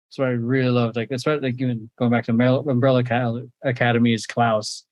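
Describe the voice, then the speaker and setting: A young woman guest with an extremely low voice, recorded dry. She talks in a laid-back way, swearing and restarting her sentences. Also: level tone, fast, a little mellow, dry recording, dull audio. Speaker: podcast guest. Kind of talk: casual chat.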